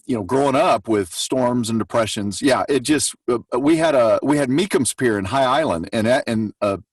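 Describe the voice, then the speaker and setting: A man's voice: medium pitch, normal speed, husky, dry recording, far from the mic. A man from Texas co-hosting a casual podcast chat, teasing and rambling through stories. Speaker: podcast co-host.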